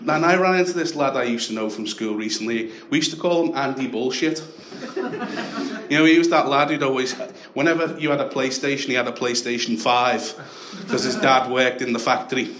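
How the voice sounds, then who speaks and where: Scouse comedian on an echoey club stage. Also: male voice, medium pitch, a little fast, crowd noise. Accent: Liverpool. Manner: deadpan storytelling with sudden shouted punchlines. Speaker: stand-up comedian. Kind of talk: stand-up comedy set. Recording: echoey club with audience laughter.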